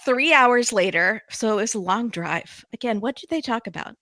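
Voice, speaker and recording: A bright-voiced woman hosts a casual podcast recap. She chats fast and loose, full of "like" and "um," and the sound is dry and close to the mic. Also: a little high, dry recording. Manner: chatty, lots of "like" and "um", animated retellings. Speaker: podcast host.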